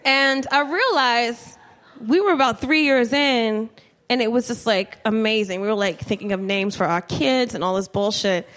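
A woman's voice: a little high, moderate pace, a bit bright. A woman in her thirties doing a stand-up comedy set on a club stage, chatty and profane, acting out voices. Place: comedy club stage before live audience.

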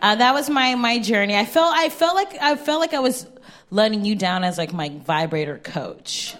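A woman co-hosting a comedy show, chatting casually in a drawn-out, giggly way. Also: on the high side, lively intonation, fairly bright tone. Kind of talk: casual chat with crowd around.

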